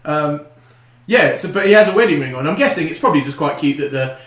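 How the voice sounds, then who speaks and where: A man rambles through a casual comedy podcast, swearing freely and filling gaps with ums. His voice sits a little high for a man. The room around him is echoey. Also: lively intonation, fast, fairly bright tone. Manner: rambling, sweary, full of fillers. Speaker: podcast co-host. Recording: roomy echo.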